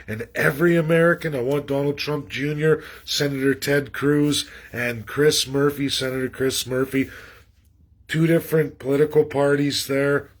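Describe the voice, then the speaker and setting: An earnest man with an Albertan Canadian accent talks straight to his livestream viewers. He rambles, doubles back and restarts his sentences, with an ordinary mid-pitched voice. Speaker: livestream host. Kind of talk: casual livestream monologue. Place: outdoors in a rural area.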